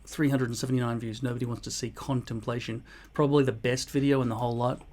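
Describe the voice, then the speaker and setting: A man's voice: medium pitch, steady tone, fast talker, a little mellow. A man, casually reading and answering viewer comments in a blunt, mock-boastful way, swearing often. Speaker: vlogger replying to comments. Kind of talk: casual comment-reply monologue.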